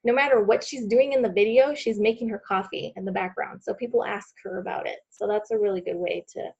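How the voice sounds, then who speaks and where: A woman's voice: medium pitch, fairly quick, creaky, a little mellow, husky, highs cut off. A woman leading a sales team training call, talking to her group in an encouraging, conversational way. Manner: encouraging, conversational, direct address. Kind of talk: training call on social media selling.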